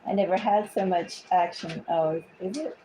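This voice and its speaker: A woman's voice: on the low side, normal speed, warm tone, slight background noise, rough recording. A woman giving a casual tarot reading at home, chatty and easily sidetracked. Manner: chatty, easily sidetracked, talks to her cats. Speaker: tarot reader. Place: home with cats.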